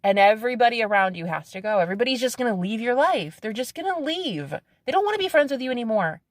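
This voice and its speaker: A woman in her thirties, a psychic medium, talks to camera in a casual vlog, blunt and defiant, swearing freely, repeating phrases for emphasis, and laughing between lines. Her voice is on the high side with big pitch swings and a quick pace. The recording is dry, with clean studio sound.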